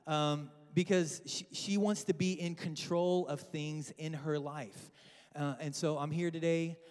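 High-voiced man preaching in a hall. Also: unhurried. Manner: storytelling, joking with the congregation, acting out family voices. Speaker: guest preacher. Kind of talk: humorous sermon. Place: large church with balcony. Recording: long hall reverb.

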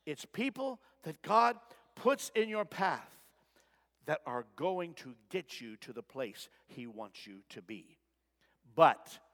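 A man's voice: mid-range voice, fairly bright tone. A male pastor preaching a sermon, with dramatic swings and voices he acts out for his congregation. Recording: long reverb of a large hall.

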